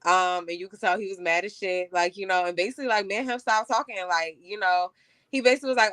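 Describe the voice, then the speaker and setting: Young woman, candid casual chat, bright smooth voice, dry close mic. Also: lowish voice, fairly quick, no room sound. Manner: candid, casual, frequent "like" and "you know".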